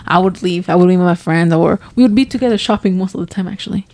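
A woman's voice: lowish voice, quick pace, a little mellow. A young woman guesting on a podcast, chatting frankly and in a laid-back way, with Spanish phrases mixed in. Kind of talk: casual chat.

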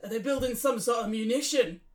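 A woman's voice: on the high side, brisk, echoey room, far from the mic, lightly acted. A woman with a northern English accent voicing Dean, a polite, awkward Scottish man joining a reenactment group, with a shaky put-on Scottish accent in a comedy sketch. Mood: earnest.

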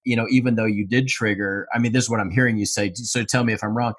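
A man with a low, husky voice hosts an interview. He talks in a relaxed, reflective way and restates his guest's points back to her to check that he has understood. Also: quick pace. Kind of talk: conversational interview.

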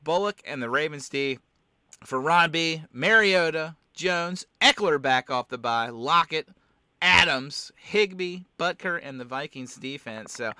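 A man with a high, bright, crisp voice talks through a sore throat in a loose sports chat. He rambles and loses his thread, then circles back. The sound is close and dry. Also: lively intonation, measured pace, no echo. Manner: rambling, keeps getting sidetracked. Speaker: podcast host.

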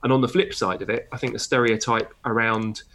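A man from southern England co-hosts a language podcast, filling his casual talk with ums and you-knows. His voice sits at an ordinary middle pitch. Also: fairly even intonation, brisk, a bit bright. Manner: hesitant, many fillers. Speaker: podcast co-host. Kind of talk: casual discussion.

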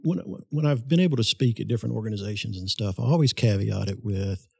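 Guest, male, husky voice, dry close mic, animated storyteller. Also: lowish voice, fast talker, no echo. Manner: animated, laughs through his story. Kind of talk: casual storytelling.

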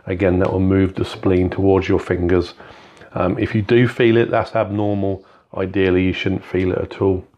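A low-voiced man explaining an examination technique in an even, flat delivery. He talks methodically, with plenty of ums and uhs. The sound is dull and a little lo-fi. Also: normal speed. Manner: methodical, instructive, with frequent fillers. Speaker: clinical skills teacher. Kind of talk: spoken medical teaching walkthrough.

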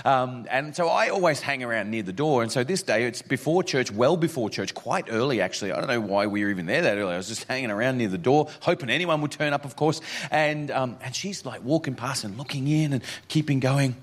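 A man's voice: mid-range voice, animated, a little fast. Chatty Australian man preaching. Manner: chatty, joking, many fillers. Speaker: pastor. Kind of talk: sermon with storytelling.

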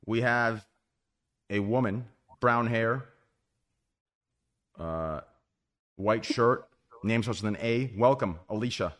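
A man's voice: medium pitch, takes it slowly, long pauses, fairly bright tone. A man hosting a casual group podcast, joking and rambling as he introduces guests. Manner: joking, rambling, trails off and restarts. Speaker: podcast host.

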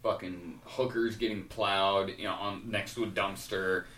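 A man's voice: low voice, fairly even intonation, measured pace, bright, forceful tone, reverberant, distant mic. A man co-hosting a podcast, riffing with colorful jokes in casual banter. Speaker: podcast co-host.

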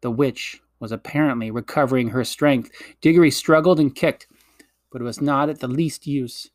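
A man narrating a children's fantasy story in a gentle, measured storytelling manner. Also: mid-range voice, no echo, studio quality. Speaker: audiobook reader.

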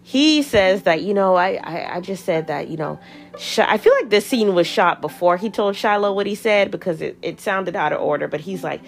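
A woman hosting a podcast, recapping a reality show in a chatty, animated way, laughing often and acting out what people said. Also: mid-range voice, moderate pace, vocal fry, faint music behind. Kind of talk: casual recap commentary.

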